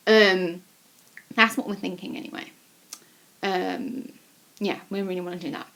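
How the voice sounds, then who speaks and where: A woman's voice: fairly low pitch, steady tone, unhurried, creaky, a bit bright. Chatty young woman vlogging. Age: young adult. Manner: chatty, rambling, swears casually, many fillers. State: sick with a cold. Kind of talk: casual chat to camera.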